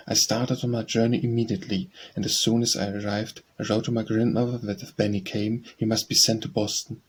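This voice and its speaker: A man narrating an audiobook memoir in a measured, even reading. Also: fairly low pitch, slight background noise. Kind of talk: scripted narration.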